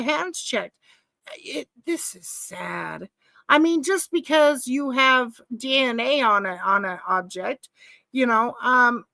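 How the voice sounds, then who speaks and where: A woman's voice: high voice, fairly bright tone, no room sound. A woman hosting a live stream, commenting casually and emotionally on a trial, repeating herself and asking rhetorical questions.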